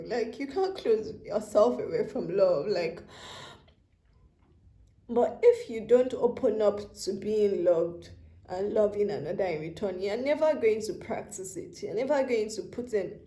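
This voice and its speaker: A woman's voice: medium pitch, warm tone, echoey room. A woman giving a channeled tarot reading, speaking tenderly to the listener and near tears as she talks. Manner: tender, emotional, addresses listener as baby and love. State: tearful, near crying. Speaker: tarot reader. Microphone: handheld phone camera.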